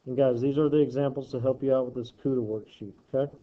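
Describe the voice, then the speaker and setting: A man's voice: medium pitch, steady tone, fast, dull audio. A man teaching math, working problems aloud with joking asides and self-corrections. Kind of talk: worksheet walkthrough lesson.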